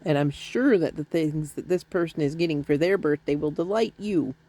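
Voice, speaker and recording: A woman's voice: deep voice, normal speed, mellow. Chatty, rambling woman vlogging from home. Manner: rambling, chatty, self-deprecating with laughs. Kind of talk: casual chat to camera. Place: at home, indoors.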